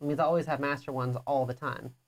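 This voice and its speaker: A woman's voice: very deep voice, steady tone, fast talker. A woman co-hosting a live board game playthrough, teasing her opponent and explaining rules at length in casual chat. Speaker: board game show co-host.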